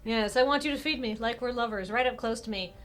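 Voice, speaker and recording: A woman's voice: on the high side, quick pace, natural voice. A woman voicing a flirty, teasing man who courts the heroine, read aloud from a visual novel. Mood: coaxing. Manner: smooth, teasing, dramatic sulking.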